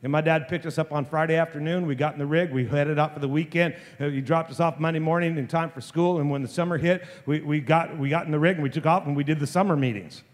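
A man in his fifties, a pastor telling a story in a sermon, often halting and restarting his sentences. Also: fairly high pitch, steady tone. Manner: halting, full of repeated restarts. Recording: long reverb of a large hall.

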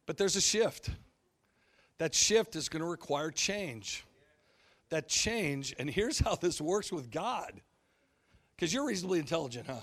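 Man, high voice, pastor, sermon, blunt, folksy, humorous, acts out voices. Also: big pitch swings, unhurried, long pauses, fairly bright tone. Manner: humorous storytelling, acting out quoted voices.

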